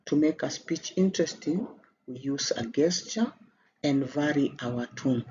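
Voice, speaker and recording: Speaking at a measured pace in a fairly high, slightly mellow and husky voice, a man with a Kenyan English accent leads an exam revision lesson. He explains each step and raises his voice with emphasis whenever a new question comes up. The audio is a little dull, with faint background noise.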